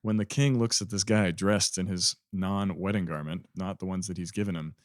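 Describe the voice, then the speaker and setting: A man's voice: low-pitched, steady tone, moderate pace, dry recording, studio quality. A man co-hosting a conversational Bible discussion, earnest and emphatic, repeating key phrases. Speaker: podcast co-host.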